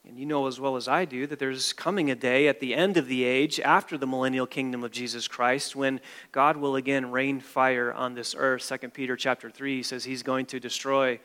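A man's voice: mid-range voice, a bit bright, big-room sound. A male pastor delivering an emphatic sermon, repeating phrases and restarting as he builds each point.

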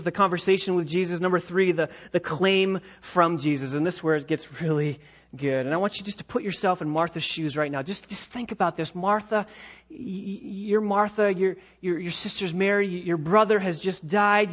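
A man preaching a sermon, dramatic, with swings from loud emphatic lines to hushed ones. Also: high voice, normal speed, highs cut off. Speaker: pastor.

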